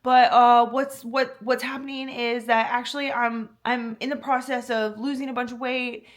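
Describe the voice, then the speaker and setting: A woman's voice: a little high, flat delivery, normal speed, close to an everyday voice. A woman imitating a chatty male buyer who works in healthcare, with a put-on New Jersey type accent, rambling and overexplaining. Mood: rambling eager.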